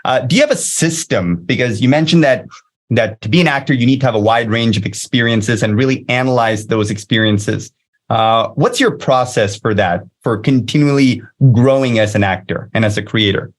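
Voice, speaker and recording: A man's voice: medium pitch, normal speed. A man hosting an interview, curious and inquisitive as he asks questions. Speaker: interviewer, host. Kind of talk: casual interview talk.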